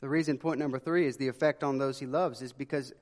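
A man preaching a sermon in an earnest way, dropping to a hush for emphasis. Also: mid-range voice, fairly even intonation, fast. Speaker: pastor. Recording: long hall reverb.

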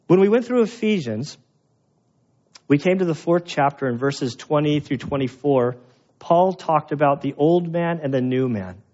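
A man delivering a sermon from the pulpit, talking through scripture in a conversational, emphatic way with some self-deprecating humor. His voice sits a bit high for a man. The recording is dull and lo-fi. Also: animated, normal speed. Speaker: pastor. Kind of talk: expository sermon.

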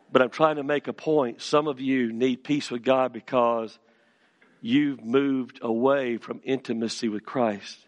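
A man preaching a sermon as pastor in a church, moving from storytelling to fervent, shouted calls to his congregation. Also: medium pitch, long reverb tail. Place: church sanctuary.

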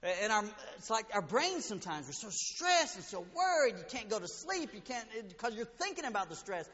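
A high-pitched male pastor preaching a sermon, his voice swinging between booming emphasis and hushed, intimate passages. The sound is dull and muffled, carried through a long, echoing sanctuary reverb. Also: sing-song, fairly quick. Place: church sanctuary.

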